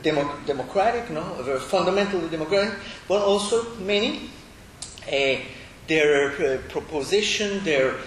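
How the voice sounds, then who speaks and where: Halting man lecturing in an echoey room. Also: a bit bright. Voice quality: halting, many fillers and tag "no?". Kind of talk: academic lecture. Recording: echoey room with faint rumble.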